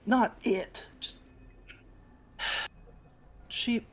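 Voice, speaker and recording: A woman's voice: very slow, a bit bright. Brash woman player at a tabletop game. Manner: brash, playful, swears freely. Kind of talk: live-streamed tabletop role-play.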